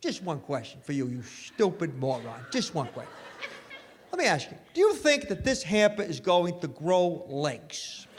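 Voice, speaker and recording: A man's voice: high-pitched, expressive, brisk, hardly any pauses, a bit bright, big-room sound, a little hiss or hum. A comedian on stage voicing his angry, fed-up wife, scolding and sarcastic. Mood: seething.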